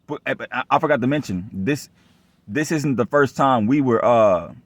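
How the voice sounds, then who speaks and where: A man's voice: mid-range voice, animated, moderate pace, no room sound. A young man telling his own story in a rambling, repetitive, profane rant, sounding aggrieved and distrustful. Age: young adult. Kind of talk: casual rant monologue.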